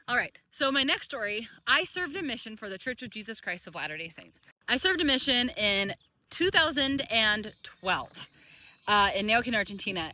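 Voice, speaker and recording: Bright-voiced woman life coach, chatty. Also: fairly high pitch, rough recording. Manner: chatty, laughs easily, repeats phrases for emphasis. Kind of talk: casual storytelling to camera.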